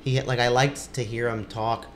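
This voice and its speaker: Man, podcast co-host, rambling casual chat, laughs easily, mid pitch, faint hiss. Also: flat delivery, moderate pace.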